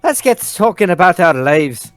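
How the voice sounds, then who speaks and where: A mysterious female pony princess played by a man in his own voice who speaks with careful, hesitant calm. Her lines rise and fall with a lively lilt. The recording is dry and close. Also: high voice, no room sound, soft background music. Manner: measured, secretive, hesitant. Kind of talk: comedic read-aloud of fan fiction.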